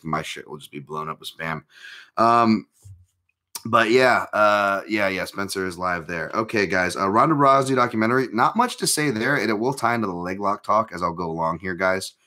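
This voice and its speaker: A man with a very low voice and a bright, forceful edge hosts a live martial-arts chat. He rambles casually, stops and restarts himself, and pokes fun at himself between points. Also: a little fast. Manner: rambling, self-interrupting, lots of fillers; joking, self-deprecating. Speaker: host of a live MMA chat.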